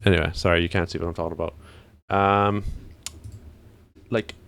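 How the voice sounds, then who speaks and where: A man's voice: low voice, little pitch movement, moderate pace, vocal fry, fairly bright tone, slight background noise. A man streaming, chatting casually and ranting to himself as he browses.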